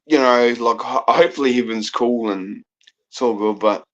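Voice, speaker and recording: A man's voice: mid-range voice, normal speed, fairly bright tone. A man with a New Zealand accent, a guest caller on a live panel, chatting casually in a rambling way with lots of swearing and laughter. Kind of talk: casual chat. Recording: dull lo-fi sound.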